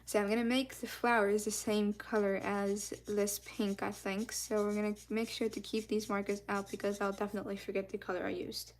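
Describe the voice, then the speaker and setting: A woman's voice: medium pitch, level tone, a little fast, hardly any pauses. A woman streaming live as she colors, chatting in a rambling, casual way and thanking her viewers often.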